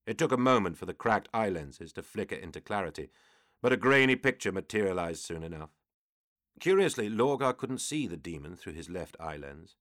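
Brief: very deep male narrator, steady scripted reading, dry close studio sound. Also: dry recording. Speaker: audiobook narrator.

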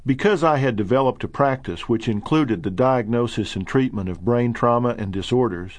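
Male narrator, middle-aged, earnest and measured, bone-dry booth sound. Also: medium pitch, no echo. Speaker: narrator reading his own book. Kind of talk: audiobook narration.

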